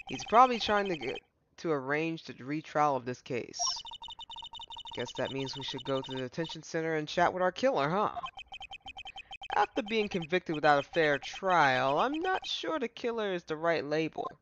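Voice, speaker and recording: A man's voice: a little high, very animated, normal speed, background noise. A man voicing a defensive, exasperated young male defense lawyer from a legal game. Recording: dull lo-fi stream mic. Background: game music.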